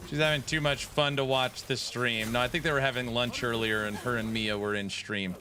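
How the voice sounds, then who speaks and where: Male streamer, thirties, bright voice, playful teasing banter while gaming. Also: medium pitch, fairly even intonation, fairly quick, a little hiss or hum. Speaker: game streamer. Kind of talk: live gaming stream chat.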